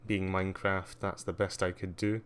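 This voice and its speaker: A man's voice: low voice, flat delivery, moderate pace, fairly bright tone, slight background noise. A man giving a casual live-stream tour, rambling with lots of ums and uhs and wry asides. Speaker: livestreamer.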